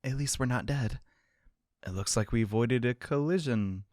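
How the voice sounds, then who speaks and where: A man voicing a polite, proper young female assistant in a game, speaking softly and formally. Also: mid-range voice, normal speed, dry recording, studio quality, close to an everyday voice. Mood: flustered. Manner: soft, polite, formal speech.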